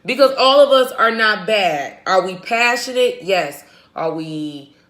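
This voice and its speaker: An American woman vlogger giving blunt, profane, animated commentary to her viewers. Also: medium pitch, a little slow. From United States. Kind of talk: ranting commentary. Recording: echoey room.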